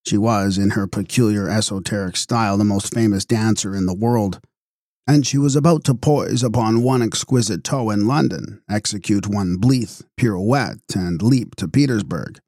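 Low-voiced man narrating a story. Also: normal speed, darkish tone, no room sound, clean studio sound. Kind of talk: audiobook narration.

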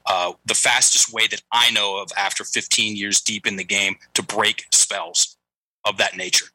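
A man's voice: fairly low pitch, bright, forceful tone, slightly rough, no echo, poor audio. A middle-aged man telling a story as a coaching guest, animatedly acting out the lines of the people in it. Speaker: guest, breathing and language coach. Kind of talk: storytelling interview talk.

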